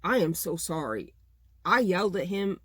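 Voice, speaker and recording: A woman's voice: fairly low pitch, expressive, moderate pace, husky, no echo. A middle-aged woman chatting casually to her viewers, venting in an exasperated, talkative way about running her small business. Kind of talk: casual chat to camera.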